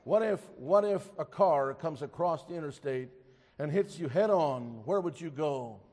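A man preaching a sermon, telling a story and then pressing his point emphatically before dropping to a hush. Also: a little high, expressive, unhurried, in a large hall. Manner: storytelling, rising to emphatic exhortation, drops to a hush.

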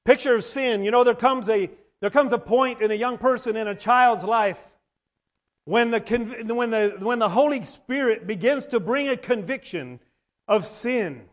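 A man with a notably high-pitched voice preaches a sermon. He circles back over his own phrases, restarting and repeating them for emphasis, and he often pauses to clear his throat.

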